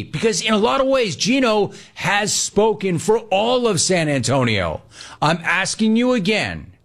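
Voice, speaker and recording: A man hosting a sports talk radio show, animated and playful, taking calls and riffing on them. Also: on the high side. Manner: animated, playful, mocks callers' voices.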